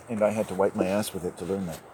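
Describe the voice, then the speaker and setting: Man rambling and joking, laughs a lot, on a walk outside; low voice, noisy outdoor sound. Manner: rambling, jokey, often laughing. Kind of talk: rambling monologue while walking. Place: outdoors by a river at dusk.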